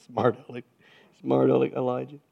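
A man preaching a sermon with wry, sarcastic humor and big swings between loud and hushed delivery. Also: medium pitch, creaky, lo-fi sound. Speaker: pastor.

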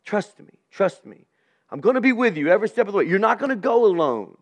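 Tender God comforting a scared child, man voicing him in a sermon, soft coaxing repeats, slightly high voice. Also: very animated, quick pace, muffled recording. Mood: tender reassurance. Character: God gently reassuring a frightened child.

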